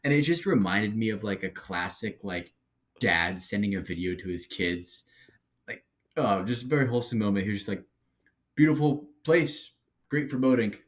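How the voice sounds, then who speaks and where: A man co-hosting a casual recap podcast, talking in a relaxed, rambling way with halting restarts. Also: fairly low pitch. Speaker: podcast co-host.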